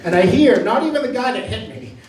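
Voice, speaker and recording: High-voiced man telling stand-up stories. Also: lively intonation, quick pace, darkish tone, a little hiss or hum. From Maine, US. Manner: rambling storytelling, self-deprecating. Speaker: stand-up comedian. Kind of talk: stand-up comedy set. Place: comedy club stage. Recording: echoey room from a distance. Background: audience laughter.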